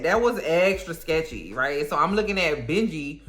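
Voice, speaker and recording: Sassy, bright-voiced woman recapping TV. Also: deep voice, moderate pace, faint music behind. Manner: sassy, animated, slangy commentary with mock outrage. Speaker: TV recap vlogger.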